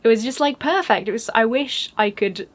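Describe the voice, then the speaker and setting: An English woman chatting in a casual vlog, gushing and excitable with lots of fillers. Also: fairly high pitch, normal speed. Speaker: YouTuber. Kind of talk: casual chat.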